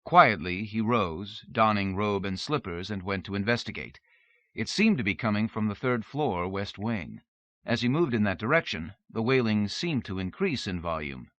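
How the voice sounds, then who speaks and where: A male audiobook narrator reads in a steady, measured way. His voice is low-pitched and forceful, with a bright, hard edge. The close, dry recording is dull and lo-fi, like an old tape. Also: no room sound.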